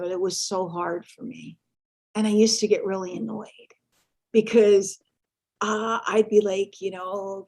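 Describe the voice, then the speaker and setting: A woman's voice: medium pitch, darkish tone. A middle-aged woman speaking casually and playfully on a live webinar, repeating herself for emphasis. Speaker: guest speaker on marketing webinar.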